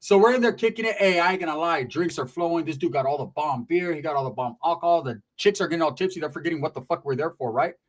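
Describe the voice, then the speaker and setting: A man's voice: on the high side, quick pace, few pauses. A man telling a rambling, profane story in a streetwise way, often checking in with "right?".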